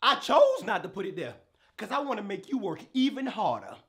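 A man doing a comedy sketch as a rude, demanding customer who bursts into shouts. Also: sits high, wildly swooping pitch, brisk.

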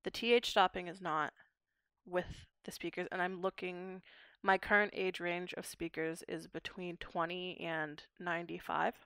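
A woman's voice: on the low side, little pitch movement, unhurried, fairly bright tone, smooth, dry recording, clean studio sound. A young woman from Pittsburgh, a linguistics PhD student explaining her research in a podcast interview, articulate and academic. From Pittsburgh, USA. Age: young adult.

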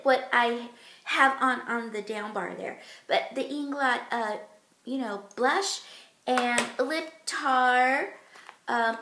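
A woman's voice: a little high, pushed and bright. A woman beauty vlogger talking casually through a makeup tutorial, chatty and giggly with plenty of fillers.

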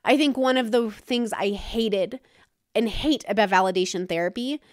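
A woman's voice: medium pitch, moderate pace, no room sound, studio quality. A woman hosting her own podcast, talking frankly and casually in a solo monologue, with some swearing. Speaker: podcast host.

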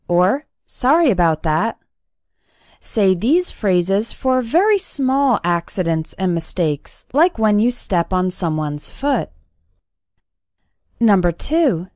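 Woman, teacher, clear and instructive, slow, dry recording. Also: mid-range voice, darkish tone, no echo. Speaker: English teacher. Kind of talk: explaining a language lesson.

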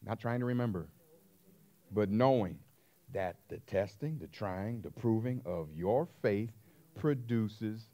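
A man's voice: lowish voice, slow, dark tone. A man preaching a sermon as pastor, emphatic and repetitive, calling out questions to his congregation.

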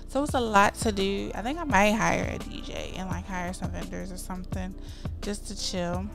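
A woman giving casual, expressive gameplay commentary as a gaming creator, chatty and at times heated and dramatic. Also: mid-range voice, moderate pace, vocal fry, over music.

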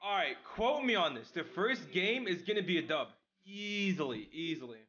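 A young man streaming a video game, chatting casually with his chat in an excitable, slangy way. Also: sits high, normal speed, slightly rough, muffled recording. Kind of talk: casual live-stream chat while gaming.

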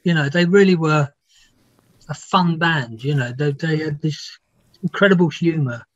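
A man's voice: a little high, moderate pace, dry recording. A man, a music biographer, telling rambling, laughing anecdotes with some swearing in a casual interview. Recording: dull, dry lo-fi sound.

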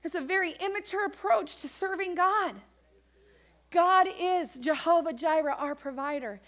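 A woman pastor preaching a sermon in a church, animated and acting out the voices of the people in her story. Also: very high-pitched, normal speed. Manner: animated, acts out quoted voices of Mary and others.

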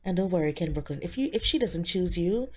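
A woman giving casual, excitable commentary on a life-simulation game she is playing, often speaking the characters' thoughts aloud. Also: fairly low pitch, fairly quick, breathy edge. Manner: excitable, gasping and squealing, voicing the characters' thoughts. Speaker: let's play host.

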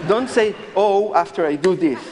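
A man's voice: sits high, lively intonation, moderate pace. A man performing as a mentalist on a live stage, joking nervously with volunteers in slightly unidiomatic English. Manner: joking, nervous, non-native phrasing. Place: large theatre stage before a live audience. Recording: live stage sound with long hall reverb and audible noise.

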